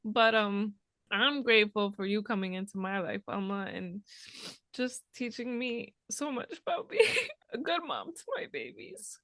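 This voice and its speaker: Woman in her 30s, co-host, teary and giggly, mid pitch, dry close mic. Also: big pitch swings, normal speed, fairly bright tone, no echo. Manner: emotional, laughs through tears. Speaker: podcast co-host, mother. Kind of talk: casual heartfelt chat.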